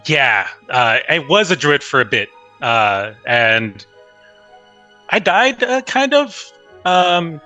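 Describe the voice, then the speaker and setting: Player, male, bright edgy voice, casual and joking. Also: a little high, sing-song, slow, soft background music. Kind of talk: casual tabletop play.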